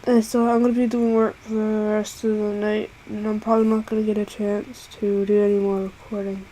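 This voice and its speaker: A sick young woman, congested and hoarse, talking wearily in a casual vlog, with many pauses and fillers. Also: mid-range voice, level tone, mellow, a little hiss or hum, low-quality recording. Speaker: vlogger.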